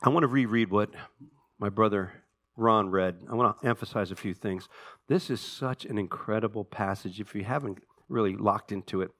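A man preaching a sermon to his church, swinging between hushed, slow passages and emphatic, animated ones. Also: on the low side. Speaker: pastor.

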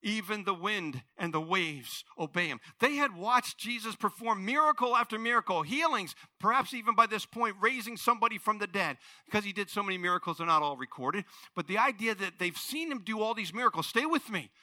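A male pastor preaching a sermon, telling a story with animated voices and swinging from hushed to loud. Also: high voice, fairly quick, few pauses, no echo.

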